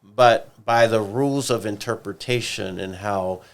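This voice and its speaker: Low gravelly man explaining calmly. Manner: measured, explanatory, thoughtful pauses. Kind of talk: casual podcast discussion.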